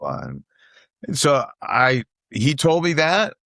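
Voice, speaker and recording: A man's voice: mid-range voice, wildly swooping pitch, takes it slowly, creaky, pushed and bright, no room sound, clean studio sound. A middle-aged man, a guest comedian telling stories in casual chat, who repeats phrases for emphasis and acts out what other people said.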